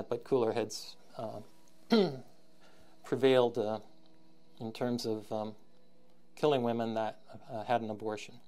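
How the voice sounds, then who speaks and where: Man lecturing, halting, lots of ums, clears throat often, dry wry asides, mid-pitched. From Canada. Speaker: university lecturer. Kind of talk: recorded lecture.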